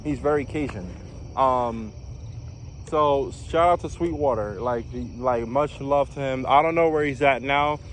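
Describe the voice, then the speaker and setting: Speaking unhurriedly in a mid-range voice, a young former navy recruit from New York recounts his experience in a relaxed vlog. His telling wanders, full of fillers and restarts, and there's slight background noise.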